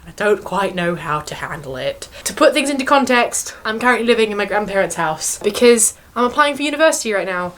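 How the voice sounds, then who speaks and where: A woman's voice: mid-range voice, lively intonation, brisk, hardly any pauses, a bit bright. A young woman who grew up in China, talking casually and wryly to her camera as a vlogger. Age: young adult. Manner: wry, self-mocking, chatty.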